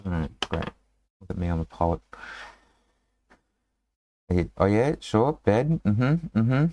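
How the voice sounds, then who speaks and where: Low-voiced man running a casual game. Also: sing-song, takes it slowly, noisy background. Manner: rambling, lots of fillers and restarts. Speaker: game master. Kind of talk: casual tabletop game session.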